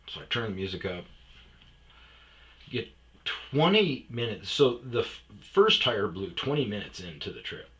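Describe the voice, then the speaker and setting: A man with a low, forceful voice tells a story in a loose, casual way. He is animated and swears a lot. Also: measured pace.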